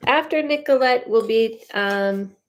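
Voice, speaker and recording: Her fairly high-pitched voice carries a talkative, rambling livestream in which she, a psychic medium, chats casually and gives viewers quick readings.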